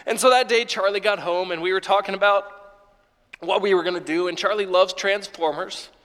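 Emotional high-voiced pastor in a reverberant church. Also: male voice, steady tone, a bit bright. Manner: emotional storytelling with halting restarts. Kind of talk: sermon. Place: church sanctuary. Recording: long hall reverb in a church.

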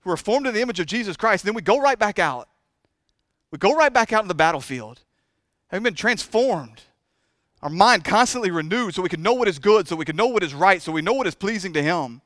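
A man preaching a sermon in a church, impassioned and repetitive, moving between hushed and loud delivery. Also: high-pitched, expressive, brisk, no room sound, clean studio sound. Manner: chokes up with emotion. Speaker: pastor. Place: church sanctuary.

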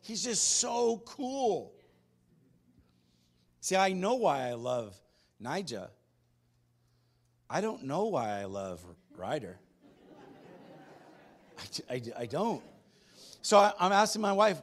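A man preaching a sermon as pastor, telling stories in an animated way and moving between loud and hushed delivery. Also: fairly high pitch, slow, pauses often. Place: church sanctuary.

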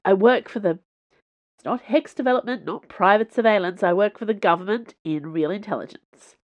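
A woman's voice: mid-range voice, normal speed, muffled recording, voice pushed up, natural voice. A woman voicing a rattled, hungover young man who blurts and sputters his words. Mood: flustered.

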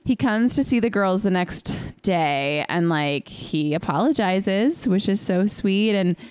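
A woman's voice: mid-range voice, animated, unhurried, darkish tone, clean tone, dry recording, clean studio sound. A young woman co-hosting a podcast, chatting casually through a movie recap, saying "like" constantly and swearing freely. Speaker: podcast co-host.

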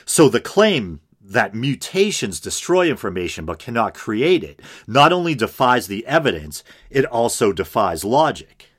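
A man hosting a podcast, talking casually over a debate clip, reading examples aloud and adding quick asides with a laugh. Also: mid-range voice, sing-song, breathy edge. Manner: laughs often, reads examples aloud, self-correcting asides. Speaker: podcast host responding to a clip.

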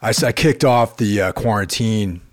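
A man chatting casually about movies, measured and hesitant with many fillers. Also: on the low side, no room sound, studio quality. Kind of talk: casual chat.

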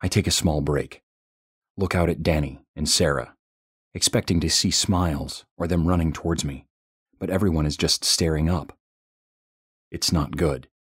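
Very deep husky male narrator. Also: steady tone, normal speed, long pauses, no echo, studio quality. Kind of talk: first-person horror story narration.

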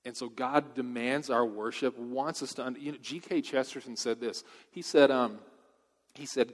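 A man's voice: medium pitch, steady tone, moderate pace. A man, preaching a sermon with emphatic storytelling and casual asides. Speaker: pastor. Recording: long hall reverb.

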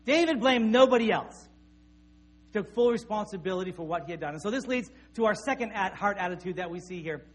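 A middle-aged pastor delivering a sermon in an easy, conversational way. His voice sits high for a man, and he often circles back with small restarts as he tells homely stories. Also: lively intonation, a little fast. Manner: conversational, anecdotal, with repeated restarts.

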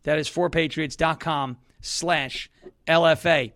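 Bright-voiced joking male talk-show host. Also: on the high side, steady tone, slow. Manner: loud, joking and mocking. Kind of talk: casual political talk show and ad read.

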